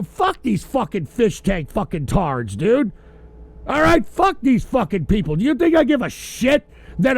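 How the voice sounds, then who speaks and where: A tipsy man hosting a call-in livestream, ranting loudly and profanely. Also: very high voice, very animated, unhurried, gravelly, no room sound. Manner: loud, profane, rambling rant. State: drinking, tipsy. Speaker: host of a call-in livestream show.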